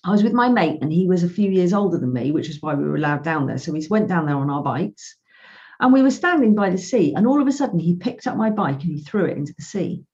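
Woman, financial coach, animated storyteller, lowish voice, muffled lo-fi sound. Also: fast talker. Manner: animated storytelling, acting out both sides of conversations. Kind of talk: podcast interview. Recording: dull lo-fi sound.

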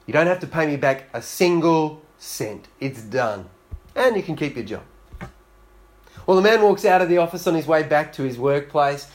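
A preacher delivering a sermon in a slightly higher-pitched male voice. He tells the story with energy and acts out each character's lines in turn. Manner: storytelling, acting out quoted voices with rising intensity.

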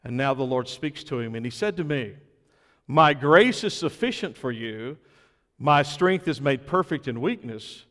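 A man's voice: mid-range voice, expressive, measured pace, a bit bright, in a large hall. A man preaching a sermon in an earnest way, building to emphatic peaks, recovering from illness. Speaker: pastor.

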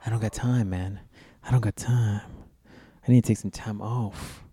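A man's voice: on the low side, steady tone, moderate pace, warm tone, slightly rough. A man in casual chat as co-host, laid-back and slangy, laughing often.

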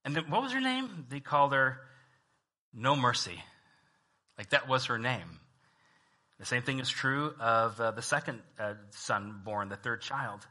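A man preaching a sermon as a pastor, talking conversationally and swinging from hushed reading to loud emphasis. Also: mid-range voice, big pitch swings, a little slow, long pauses.

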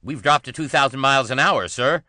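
A man's voice: deep voice, expressive, fairly quick, pushed and bright, no room sound, clean studio sound, pitched above the performer's own voice, heavily acted. Man doing a stammering Cockney ship's officer. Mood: alarmed. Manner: urgent, stammering reports. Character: Cockney male chief officer, agitated.

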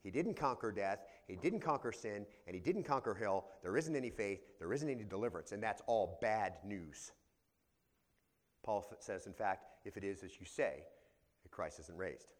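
A man's voice: fairly low pitch, expressive, moderate pace, in a large hall. A man preaching a verse-by-verse sermon as pastor, explaining the original Greek words as he teaches. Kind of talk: expository sermon. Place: church sanctuary.

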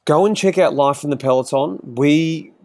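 A man's voice: a little high, moderate pace, a little mellow, no echo, studio quality. An easygoing man from Australia, chatting plainly as a guest on a podcast. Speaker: professional cyclist, podcast guest. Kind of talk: casual interview chat.

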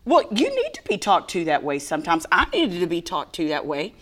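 A woman co-hosting a faith talk show, telling a personal testimony in an animated, dramatic way and acting out her own whiny crying voice. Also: lowish voice, fairly quick. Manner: dramatic storyteller who mimics a whiny crying voice. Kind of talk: animated testimony with playful banter.

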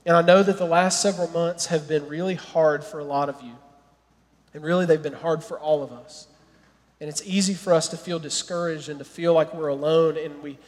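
A man preaching a sermon as pastor, animated and earnest, at times dropping to a soft, quiet prayer. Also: fairly high pitch, long reverb tail.

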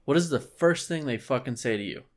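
A man's voice: medium pitch, lively intonation, brisk. A young man with a mid-range voice vents on a casual podcast, swearing freely and sounding exasperated. His rant builds with comic frustration. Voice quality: ranting, swears a lot, exasperated. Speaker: podcast co-host. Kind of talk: casual chat.

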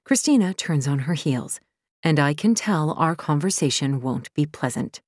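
Woman, low-pitched, first-person audiobook narration, tense and intense, dry close mic. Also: animated, moderate pace, darkish tone, no echo. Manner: tense and intense, rising sharply when voicing the heroine.

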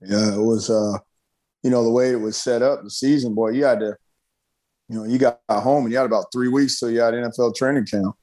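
A man's voice: mid-range voice, steady tone, brisk, dark tone. A man joining a casual chat, talking in an easygoing, laid-back way.

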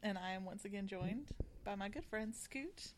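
A woman's voice: medium pitch, normal speed, a little hiss or hum. Easygoing young woman hosting a podcast. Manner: laughing, easygoing banter. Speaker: podcast host. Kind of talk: casual chat.

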